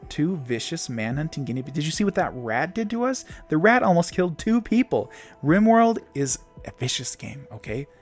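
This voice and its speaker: A young man plays a colony strategy game for a stream, narrating every event in a playful, chatty way. His pitch swings widely as he reacts, from low mutters to excited shouts. Faint music sits under the voice. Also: moderate pace. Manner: lively, reads game events aloud, playful. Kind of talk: casual gameplay commentary. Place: home.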